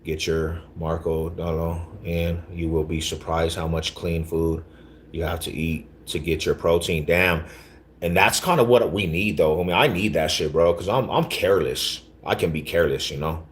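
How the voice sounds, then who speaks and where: A man's voice: low-pitched, moderate pace. A man hosting a casual livestream, talking back to his chat in laid-back, slangy street talk, often repeating himself. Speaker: livestream host.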